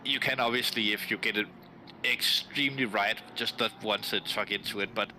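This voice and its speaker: Bright-voiced sim racing commentator man. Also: lowish voice, steady tone, slight background noise, rough recording. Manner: analytical, halting with fillers and restarts. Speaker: race commentator.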